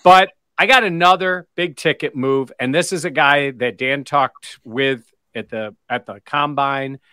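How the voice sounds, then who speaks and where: A man's voice: mid-range voice, a little slow, pushed and bright, smooth, no echo. A man hosting a football talk segment, leading the chat and putting questions to his co-hosts. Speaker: sports show host. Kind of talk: sports talk discussion.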